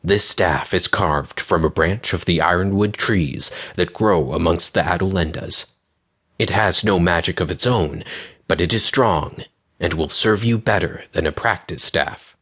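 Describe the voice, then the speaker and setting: A man voicing a regal, wise lady of the dryads who speaks in a formal, measured way in an audiobook. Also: deep voice, fairly bright tone. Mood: solemn.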